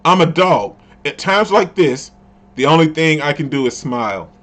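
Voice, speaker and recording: A timid, apologetic little dog boy who keeps smiling, read by a man. The voice is a bit high and mostly plain. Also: expressive, moderate pace, a bit bright.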